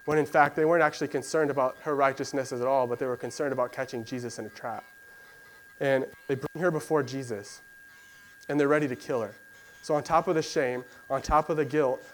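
Male preacher, mid-pitched, casual storytelling sermon, light hum under the voice. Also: rough recording. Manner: conversational storytelling with fillers, acts out voices of biblical figures.

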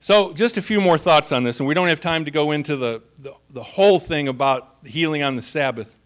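A man's voice: a little high, brisk. A man preaching a conversational sermon, humorous and laughing often as he retells the story. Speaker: pastor.

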